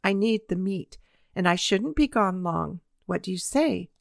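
A woman reading the part of a patient, kindly male country doctor in a storybook, speaking gently and reasonably, with light teasing. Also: medium pitch, animated, a little slow, creaky, dry recording, studio quality. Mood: earnest.

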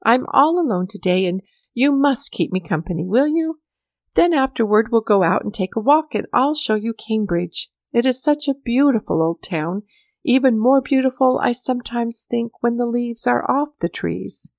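A woman's voice: fairly high pitch, expressive, moderate pace, a little mellow, no echo, studio quality, pitched above the performer's own voice. A woman voicing a kindly, chatty elderly male poet who plays an eager host, read in a storybook. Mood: genial.

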